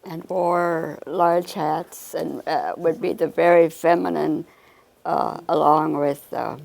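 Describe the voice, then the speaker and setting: A woman hosting a local talk show, asking questions slowly with frequent pauses and fillers. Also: low voice, steady tone, creaky, a little mellow, dry recording. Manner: slow, hesitant, lots of fillers. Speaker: host. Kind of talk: casual interview.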